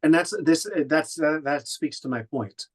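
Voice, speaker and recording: His voice is on the high side and unhurried as he gives conversational feedback. He's an audiobook narrator and director from Oklahoma, USA, and he comes across as thoughtful, with frequent restarts and fillers.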